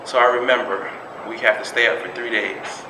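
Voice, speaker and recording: A man, giving a personal storytelling speech in an animated way. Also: lowish voice, fairly quick. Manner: animated storytelling, acts out quotes. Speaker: public speaking club member. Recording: echoey room with background noise.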